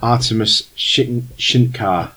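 A man's voice: medium pitch, bright, forceful tone, rough recording. Man doing a courtly old fixer, German-ish accent. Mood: formal, courteous. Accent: German-ish, put on. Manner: formal, courteous, measured. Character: tall thin very old human male fixer, courtly. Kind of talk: tabletop role-play voicing.

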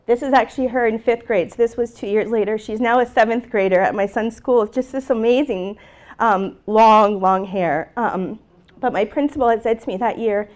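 A woman's voice: mid-range voice, a little mellow. A middle-aged woman teacher giving an earnest, emotional talk about her classroom, speaking to an audience with slides.

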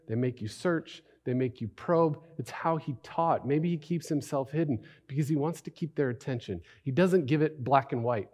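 A man's voice: medium pitch, darkish tone. A man preaching a sermon as a pastor, in a conversational way with many rhetorical questions and repeated phrases.

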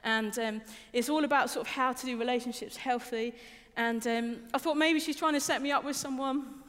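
A woman's voice: on the high side, steady tone, moderate pace, a bit bright. Young woman preaching in a reverberant hall. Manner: informal and personal, repeats words, asks the listeners questions. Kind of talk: conversational sermon.

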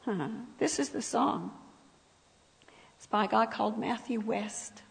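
A woman with a croaky voice giving a sermon in a church, talking to the audience in a conversational way with asides. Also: on the high side, unhurried, big-room sound, poor audio. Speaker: speaker at a church service. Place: church hall.

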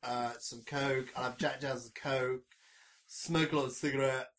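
A man's voice: mid-range voice, fairly even intonation, normal speed, fairly bright tone. A man in casual chat, joking and rambling.

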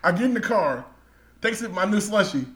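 A young man tells a profane, laughing story on a podcast. His voice sits high and bright, bouncing all over in pitch as he acts out the scene. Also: animated, fairly quick. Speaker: podcast co-host. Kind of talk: casual storytelling chat.

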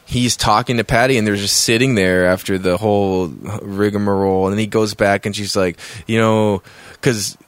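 A man's voice: fairly low pitch, fairly even intonation, normal speed, smooth, dry recording. A man co-hosting a casual podcast, retelling TV scenes with acted-out quotes and casual swearing. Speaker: podcast co-host. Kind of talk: casual chat recapping a TV episode.

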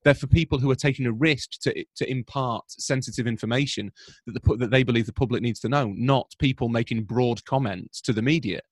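A man from Britain, a football journalist, talking through the news on a podcast in a measured, analytical way with frequent restarts. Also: medium pitch, no echo, studio quality. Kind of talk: conversational podcast commentary.

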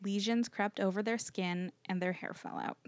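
A woman's voice: mid-range voice, steady tone, normal speed, no room sound. Woman reading out researched notes. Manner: earnest, uses "like" when chatting. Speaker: podcast co-host.

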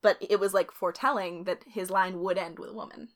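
A woman's voice: medium pitch, fairly even intonation, a little fast. A woman co-hosting a podcast, telling a history story in a casual, chatty way, laughing often. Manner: laughs often, swears, uses filler like.

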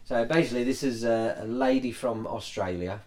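A man's voice: mid-range voice, normal speed, darkish tone. A man hosting a podcast in loose, jokey casual chat, laughing often. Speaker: podcast host.

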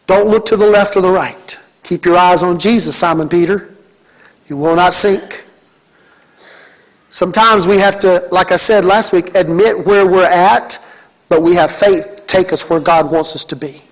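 Male pastor, high-pitched, fervent sermon delivery with repeated phrases. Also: low-quality recording. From Mississippi. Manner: preaching with emphatic, rhythmic repetition.

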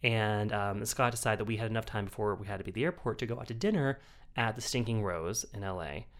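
A man's voice: on the low side, fast talker. Male podcast co-host, chatty storyteller, swears and laughs mid-story. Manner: animated storyteller, acts out his own shouts; swears freely, laughs while telling. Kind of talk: casual chat.

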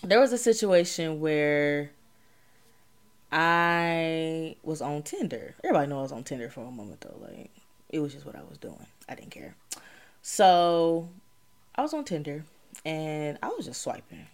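A young woman tells a long, rambling story in casual podcast chat. Her voice sits a bit low and easy. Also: animated, moderate pace. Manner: laid-back, rambling, bursts into loud laughter. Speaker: podcast host.

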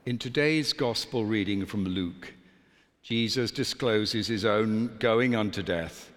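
A man, a priest, preaching a sermon in a measured, deliberate way with dramatic pauses. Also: lowish voice. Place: church. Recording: long church reverb.

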